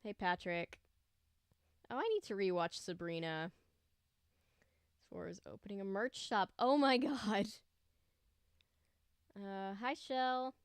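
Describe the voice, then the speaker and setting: A young woman hosts a casual home livestream, chatting easily and greeting viewers by name. Her voice is smooth and clear, recorded dry and close with no room echo. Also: mid-range voice, slow, long pauses. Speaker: livestream host.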